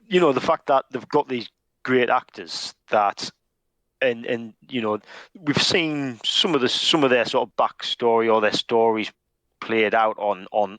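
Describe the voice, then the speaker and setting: Man talking with halting restarts. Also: mid-range voice, a bit bright, dry recording, low-quality recording. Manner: hesitant, many restarts and fillers. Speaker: podcast co-host. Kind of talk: casual chat.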